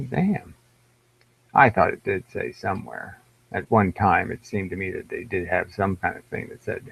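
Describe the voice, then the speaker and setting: Low, creaky and husky, this American man's voice comes through dull lo-fi livestream audio as he rambles solo on his stream. His humor is wry, profane and self-deprecating.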